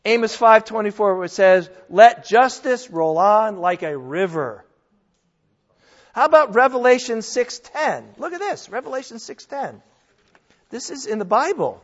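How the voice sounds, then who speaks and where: A man's voice: sits high, very animated, unhurried. A man preaching a sermon in an emphatic, conversational way, firing off rhetorical questions. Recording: dull sound in a reverberant hall.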